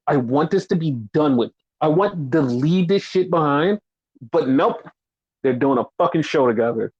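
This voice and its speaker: A man's voice: fairly high pitch, expressive, normal speed, darkish tone, slightly rough. Ranting man, profane and sarcastic. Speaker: podcast host. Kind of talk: casual chat. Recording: dull lo-fi audio.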